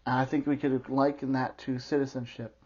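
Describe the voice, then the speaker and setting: Earnest preaching man, husky voice. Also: medium pitch, level tone, fairly quick, dark tone, muffled recording. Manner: earnest, emphatic preaching with teaching asides. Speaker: pastor. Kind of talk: sermon.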